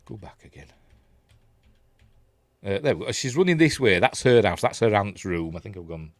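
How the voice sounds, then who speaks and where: A man's voice: fairly low pitch, big pitch swings, moderate pace, dry recording. A Yorkshire man giving a casual, rambling scene-by-scene commentary on a film, often correcting himself and chuckling. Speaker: film reviewer.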